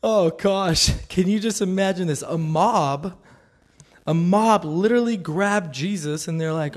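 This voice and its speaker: A man's voice: high-pitched, unhurried. A man giving a casual devotional talk, earnest and conversational, often laughing. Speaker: Christian speaker.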